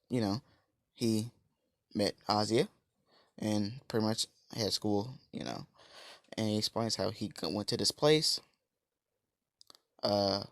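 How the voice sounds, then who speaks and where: A man's voice: lowish voice, gravelly, dry recording, studio quality. A man casually retelling a fan story, rambling, slangy and blunt, with many restarts and fillers.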